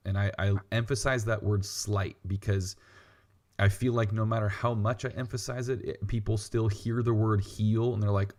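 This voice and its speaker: A man's voice: lowish voice, measured pace. A man co-hosting a weightlifting podcast, explaining technique in casual chat with dry, teasing asides. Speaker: podcast co-host, weightlifting coach.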